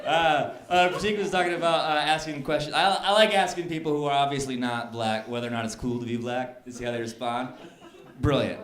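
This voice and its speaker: A man performing a stand-up comedy set, telling stories in an animated way and jumping up high when he acts out scenes. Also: quick pace. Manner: animated storytelling, jumps to high excited pitch when acting out scenes. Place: comedy club stage before a laughing audience. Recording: echoey club room with crowd laughter.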